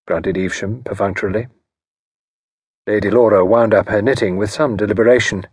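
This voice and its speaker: A man narrating an audiobook in a measured, expressive storytelling manner. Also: fairly low pitch, husky, dry recording. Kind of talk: scripted narration.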